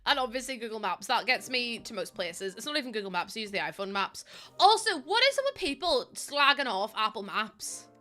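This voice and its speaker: Bright-voiced Irish woman in her twenties. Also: on the high side, expressive, a little fast. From Ireland. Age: 20s. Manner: chatty, rambling, laughs often. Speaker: streamer. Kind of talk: casual chat while gaming. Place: at home.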